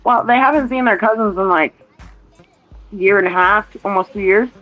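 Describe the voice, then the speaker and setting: A woman's voice: medium pitch, normal speed, narrow, tinny audio, soft background music. A woman in casual chat, rambling through a family story and quoting what others said, heard over a phone. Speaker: mother chatting with a relative.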